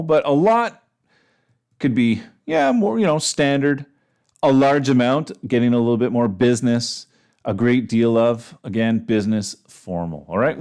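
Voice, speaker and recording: A man teaching an English class in a relaxed, chatty way, giving slang examples with a playful tone. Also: mid-range voice. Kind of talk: casual online English lesson.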